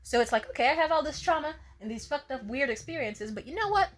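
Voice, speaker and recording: Young woman, kinda high voice, swearing a lot and laughing thru her storytime rant. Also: expressive, fast, slight background noise. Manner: blunt, profane, laughs often while telling. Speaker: vlogger. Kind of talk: casual storytime monologue.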